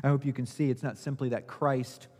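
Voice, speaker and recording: A man preaching a sermon as pastor, asking rhetorical questions and swinging between loud emphasis and quiet, low asides. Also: little pitch movement, brisk. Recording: long hall reverb.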